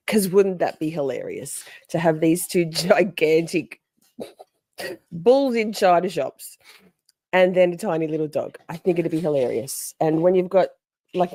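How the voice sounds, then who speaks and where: Animated woman telling a story. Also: sits low, gravelly, no room sound, clean studio sound. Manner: animated, chatty, greets viewers mid-story, acts out voices. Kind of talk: casual live-stream storytelling.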